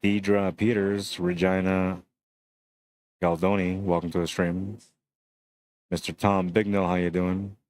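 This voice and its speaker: A low-voiced man gives live, laid-back commentary on a pool match, speaking slowly with frequent pauses as he describes each shot. When play stops, he greets viewers on the stream one at a time.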